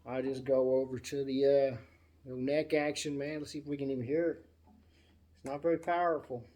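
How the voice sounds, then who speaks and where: A man's voice: medium pitch, fairly quick. A man casually telling a rambling story about buying a guitar, acting out the voices of the people in it, then demoing the instrument. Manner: rambling, animated, acts out voices in anecdotes. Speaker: guitar channel host.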